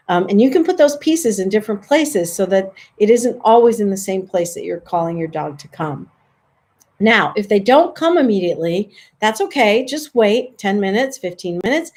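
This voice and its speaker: A woman dog trainer giving a casual, friendly how-to talk, chatty and relaxed, lifting her voice high for sample calls. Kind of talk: casual instructional talk to camera.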